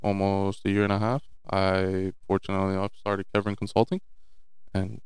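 A man's voice: low-pitched, monotone, moderate pace, clear, resonant tone, dry recording, studio quality. A twenty-year-old man talking casually as a guest in an interview about his business, often repeating and restarting his words.

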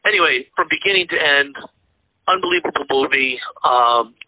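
A man's voice: a little high, normal speed, breathy edge, dry recording. Rambling man on a tinny line. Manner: rambling, many fillers and restarts. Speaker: podcast co-host. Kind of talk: casual movie chat.

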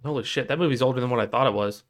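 A man's voice: medium pitch, racing. A man co-hosting a casual podcast who speaks hesitantly, with many fillers, while correcting film facts. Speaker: podcast co-host.

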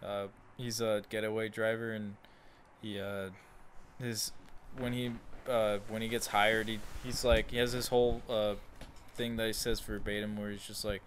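A man's voice: fairly low pitch, level tone, moderate pace, slight background noise. A man in a casual group chat who rambles, restarts his sentences and swears freely.

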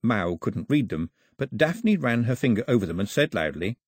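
A man narrating an audiobook in an expressive, storytelling manner on a close studio mic. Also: fairly low pitch, normal speed, slightly rough, dry recording. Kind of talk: scripted narration.

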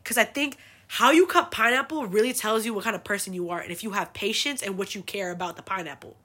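Bright-voiced young woman telling stories. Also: mid-range voice, quick pace. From United States. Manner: chatty, swears freely, lots of fillers. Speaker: host. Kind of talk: casual storytelling monologue.

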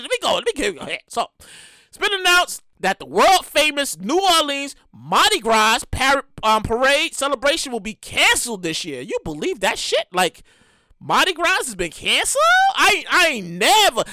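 Woman host, high bright voice, swoops up and down, swears and stutters through a comic rant. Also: dry recording, clean studio sound. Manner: emphatic, profane, repeats herself with stammering restarts. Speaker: show host.

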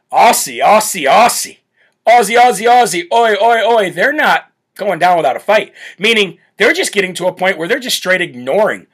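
A man hosting a live political talk show, brash and loud, often breaking into laughter. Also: high-pitched, breathy edge. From United States. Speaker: show host.

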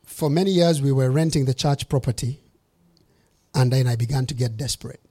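A man's voice: medium pitch, brisk, warm tone. A man, a bishop, preaching a sermon, telling a story with emphatic, punchy repetition.

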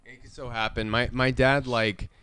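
A man on a podcast, telling casual stories with frequent laughter and shouted quotes. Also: mid-range voice, flat delivery, moderate pace, smooth, dry recording. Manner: laid-back storyteller, laughs often, shouts when quoting. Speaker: podcast host. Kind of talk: casual chat.

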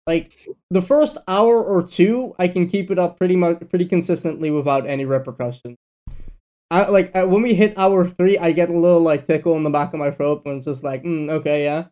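A man hosting a casual podcast chat, rambling with lots of fillers and trailing off quietly at the ends of thoughts. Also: high-pitched, fairly quick. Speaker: podcast host.

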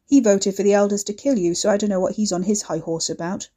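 A woman voicing a menacing, swaggering man who taunts loudly and swears coarsely, in a storybook reading. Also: mid-range voice, steady tone, fast, close to an everyday voice. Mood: grim. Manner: loud, goading, coarse swearing. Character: menacing, swaggering male brute, taunting and volatile.

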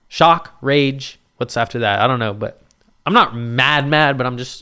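A young man telling a bar story in casual chat, animated and full of swearing, acting out the voices of people he quotes. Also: mid-range voice, moderate pace.

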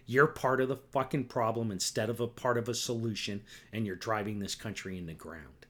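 His fairly low voice comes across a bit bright and fairly quick as this middle-aged solo podcast host rants furiously, swearing plenty. He repeats himself and keeps checking in with "right?" and "okay?"

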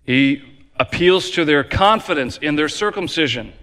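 A man preaching a sermon as pastor, emphatic and repetitive, swinging between loud declarations and quiet low passages. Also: animated, normal speed. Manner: emphatic preaching with repeated phrases, varying loud and soft. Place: church sanctuary. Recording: long hall reverb.

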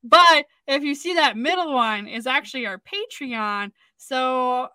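A woman's voice: sits high, measured pace, bright, forceful tone, no echo. A woman co-hosting a music radio show, chatting casually in a rambling, giggly way. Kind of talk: casual chat.

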